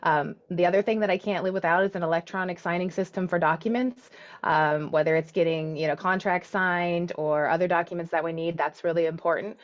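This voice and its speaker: A woman's voice: fairly low pitch, steady tone, brisk, muffled recording. A woman on a webinar panel about running a law firm, upbeat and using frequent "um" fillers.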